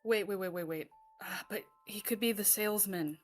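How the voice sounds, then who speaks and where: A woman's voice: medium pitch, moderate pace, faint music behind. A woman playing her character in a tabletop game, stammering, swearing and flustered. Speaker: player.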